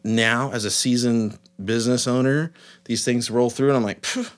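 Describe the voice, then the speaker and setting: A man's voice: mid-range voice, fairly even intonation, normal speed. A man, a business owner and father chatting casually in a podcast and rambling through stories full of "man" and "dude". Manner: rambling storyteller, acts out quotes with frequent "man" and "dude".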